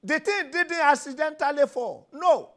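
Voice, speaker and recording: Fervent high-voiced Nigerian pastor. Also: male voice, animated, measured pace. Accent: Nigerian English. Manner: fervent, repetitive commands, rising to shouts. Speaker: pastor leading prayer. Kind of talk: sermon and prayer session.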